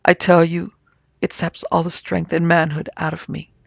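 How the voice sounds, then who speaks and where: A man's voice: fairly high pitch, flat delivery, normal speed, creaky, no echo. A man doing a feverish, haunted young drunk. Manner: pleading and peevish.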